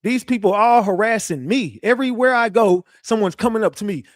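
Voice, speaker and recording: A man's voice: high-pitched, fairly quick, no room sound, clean studio sound. A man ranting casually on a livestream. He is defensive and boastful, swears a lot and talks straight to his chat with many restarts. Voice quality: profane, animated, repetitive restarts. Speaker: livestream commentator.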